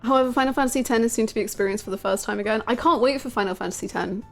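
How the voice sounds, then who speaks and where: A woman with a fairly high voice chats casually on a live game stream, rambling and giggling as she talks to viewers. Soft music plays faintly behind her. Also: very fast, vocal fry.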